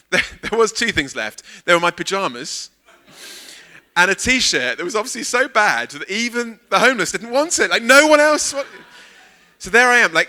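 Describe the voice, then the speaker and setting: A man preaching as a guest speaker at a church service, telling a funny personal story and acting out the dialogue. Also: high voice. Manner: animated storyteller, acts out quoted dialogue. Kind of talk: sermon with a humorous personal anecdote.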